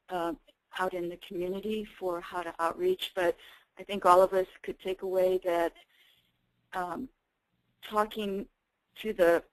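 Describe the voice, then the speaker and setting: Woman, conference call participant, measured and halting, lowish voice, dry sound. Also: no echo, poor audio.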